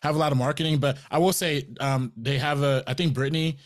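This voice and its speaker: A man's voice: fairly high pitch, steady tone, fast. A young man co-hosting a movie podcast, talking loosely with many fillers and restarts. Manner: loose, filler-heavy, lots of "like" and "um". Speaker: podcast co-host. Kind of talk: casual movie podcast chat.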